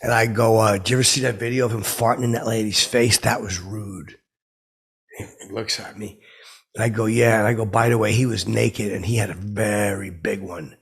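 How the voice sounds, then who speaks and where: Speaking at normal speed with a lowish, fairly even voice, a man voices a rambling oddball in a comedic character podcast monologue. The starstruck character recounts awkward celebrity encounters in a gravelly, husky tone. He wanders off track with nervous asides.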